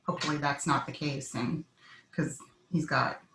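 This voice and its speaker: Low-voiced woman in an echoey room. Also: fairly even intonation, moderate pace, noisy background. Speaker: viewer guest. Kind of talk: casual live-stream chat.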